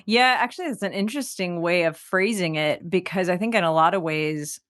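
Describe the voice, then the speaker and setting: A woman's voice: on the low side, brisk, fairly bright tone. A woman from Texas, a singer-songwriter, talking candidly and reflectively as an interview guest, often saying "like.". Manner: reflective and candid, uses "like" often, laughs easily.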